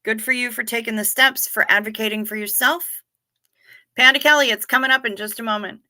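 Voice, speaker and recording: A woman's voice: on the high side, steady tone, fairly quick, pushed and bright. A woman hosting a casual livestream, chatting frankly with her viewers, greeting them by name and swearing offhandedly. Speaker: livestream host.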